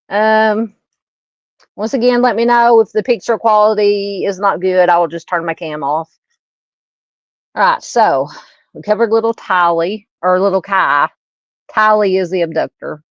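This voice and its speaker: A woman's voice: medium pitch, normal speed, pauses often, no echo, lo-fi sound. Chatty woman hosting a livestream. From Southern United States. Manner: chatty, greets viewers by name, laughs at her own fumbles. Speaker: true crime livestream host. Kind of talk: casual livestream chat and case reading.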